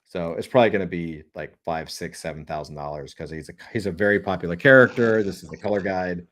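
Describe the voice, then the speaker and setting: A man co-hosting a casual chat show, talking excitedly and rambling with many fillers. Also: low-pitched, quick pace. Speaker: podcast co-host.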